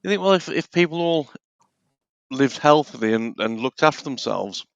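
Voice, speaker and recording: A man's voice: mid-range voice, expressive, moderate pace, vocal fry, no room sound, lo-fi sound. A man in a casual talk show, chatting with hesitant restarts and apologising freely. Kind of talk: casual chat.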